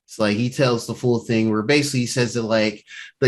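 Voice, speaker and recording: A man's voice: mid-range voice, fairly even intonation, fairly quick. A man co-hosting a podcast, casually recapping a TV episode and acting out the characters' lines as he goes. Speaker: podcast co-host.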